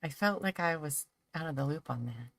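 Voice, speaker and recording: A woman hosting a relaxed livestream chat, talkative and giggly, gushing about her favorite shows. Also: low voice, moderate pace, no echo, clean studio sound. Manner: chatty and giggly, gushes over favorite shows. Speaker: livestream host. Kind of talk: casual chat.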